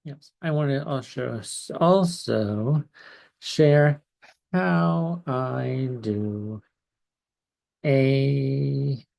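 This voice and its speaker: A man working as an astrologer, talking slowly and hesitantly with many pauses and fillers as he shares charts on a live stream. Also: mid-range voice, creaky, darkish tone. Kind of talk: slow casual live-stream talk. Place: home in California.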